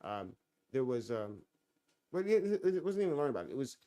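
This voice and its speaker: A man's voice: mid-range voice, big pitch swings, brisk, warm tone, no room sound. A man in his thirties hosting a live stream, talking casually in loose, profane rambles with many fillers and restarts.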